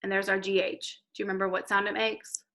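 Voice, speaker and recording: A woman teacher giving a recorded reading lesson to young children, slowly sounding out letters and words. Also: mid-range voice, level tone, fairly bright tone, rough recording. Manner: slow, clear modelling of letter sounds.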